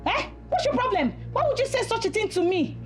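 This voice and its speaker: Brief: an indignant young wife, very high and lively voice. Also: female voice, brisk, over loud music. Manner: emphatic, indignant, repeats herself. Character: hurt, indignant young wife defending herself. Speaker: partner. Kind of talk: film drama acting.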